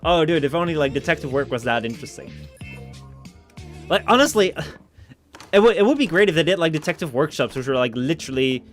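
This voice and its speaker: A man's voice: on the high side, expressive, a little fast, long pauses. A young man, streaming a video game in casual, rambling chat full of jokes, and sometimes reading the game text aloud. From Netherlands. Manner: rambling and joking, lots of 'like' and 'dude', reads game text aloud. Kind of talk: casual gaming commentary. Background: soft background music.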